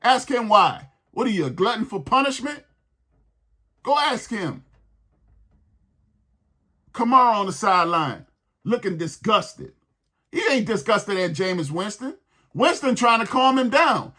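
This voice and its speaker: Heated, husky-voiced ranting man. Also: high voice, lively intonation, measured pace, pauses often, sharp tone. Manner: heated, exasperated ranting with repeated phrases. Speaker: sports podcast host. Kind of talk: ranting sports commentary.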